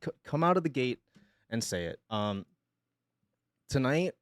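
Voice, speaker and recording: A male streamer, sick with pneumonia, making an emotional announcement in a halting, hesitant way and holding back tears. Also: medium pitch, big pitch swings, no room sound.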